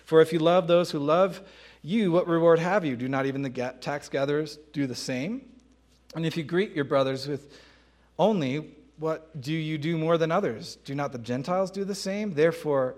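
A man's voice: fairly high pitch, darkish tone. A man preaching a sermon, emphatic and conversational, often asking rhetorical questions and laughing between points.

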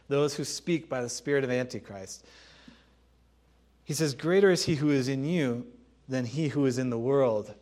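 Speaking at a medium pitch, this male preacher keeps his sermon conversational but forceful, repeating important lines. He stops now and then to laugh or clear his throat before the next point.

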